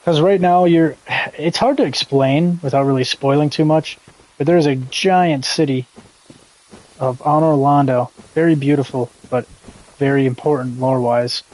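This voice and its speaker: A man's voice: a little high, fairly even intonation, moderate pace, a little mellow, low-quality recording. A young man streaming a game live, chatting in a rambling, laid-back way with casual swearing. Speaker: gaming streamer. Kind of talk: casual live gameplay commentary.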